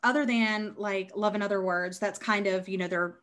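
Woman rambling about books, um-ing a lot, laughs easy, mid pitch. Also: steady tone, normal speed, fairly bright tone. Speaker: podcast co-host. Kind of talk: casual chat about books.

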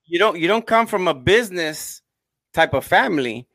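A man's voice: high voice, expressive, moderate pace, fairly bright tone, no echo. A man hosting a conversational interview, chatty, leading his guest with questions and restarts. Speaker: interviewer host.

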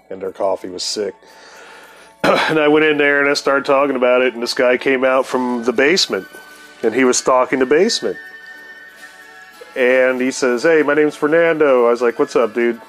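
A man telling a rambling, profane story on his podcast, laughing now and then. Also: mid-range voice. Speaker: podcast host. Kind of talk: casual storytelling monologue.

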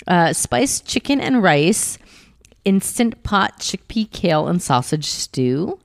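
A woman's voice: on the low side, sing-song, takes it slowly, gravelly, dry recording, clean studio sound. A woman co-hosting a podcast, chatting playfully and laughing easily. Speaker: podcast co-host. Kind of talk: casual chat.

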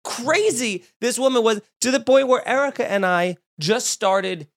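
A man tells a story on a podcast in a casual, animated way. His voice sits high for a man, and it shoots up further whenever he gets excited. He swears freely as he rambles. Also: measured pace. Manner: animated, swearing, rising pitch when excited. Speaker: podcast host.

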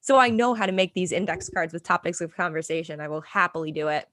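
A woman's voice: low-pitched, fairly even intonation, fast talker, a bit bright, no echo, studio quality. A young woman co-hosting a casual sports chat, chatty and laughing often as she tells stories. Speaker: podcast co-host.

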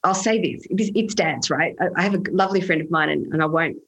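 A woman guesting on a conversational interview, an autism awareness advocate, speaks earnestly and tells animated parenting stories punctuated by laughs. Her voice is on the low side, brisk and slightly rough, on a low-quality recording.

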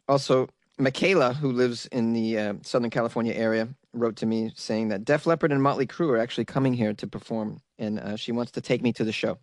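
A chatty man rambles through his podcast and laughs often as he talks. He records in a closet at home, so his mid-pitched voice sounds close and dry. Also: steady tone, quick pace, no room sound. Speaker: podcast host. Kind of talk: casual monologue.

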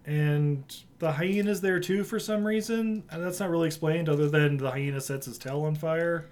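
A man casually recapping a film plot for friends on a podcast, animated and laughing, with many restarts. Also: fairly high pitch, normal speed. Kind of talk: casual chat.

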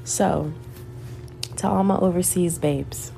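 A woman's voice: on the low side, slow pace, creaky, warm tone, a little hiss or hum. A young woman in her twenties with a Southern US accent, chatting alone in a candid, rambling way, swearing and laughing as she talks. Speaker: podcaster. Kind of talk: casual solo chat.

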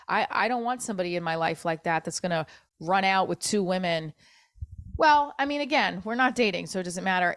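A solo podcast host talks in an upset, self-critical way, cursing and starting sentences over in an emotional monologue. Her voice is mid-range, captured with studio quality and no room sound.

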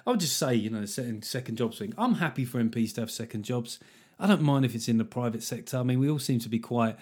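A man's voice: mid-range voice, a little mellow. A man hosting a comedy podcast, riffing sardonically and swearing freely in a solo monologue. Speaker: podcast host.

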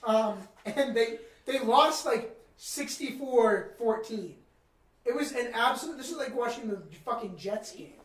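A man co-hosting a podcast, telling profane, animated stories in a casual chat. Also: extremely high pitch, unhurried, distant mic. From Massachusetts. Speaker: podcast co-host. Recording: roomy sound from off mic.

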